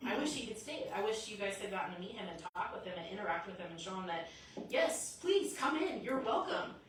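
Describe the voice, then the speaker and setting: A woman preaching a sermon in a lively storytelling way, acting out the voices in her stories. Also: mid-range voice, rapid-fire, a little hiss or hum. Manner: lively storytelling, acts out quotes. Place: church sanctuary. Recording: echoey church hall from a distance.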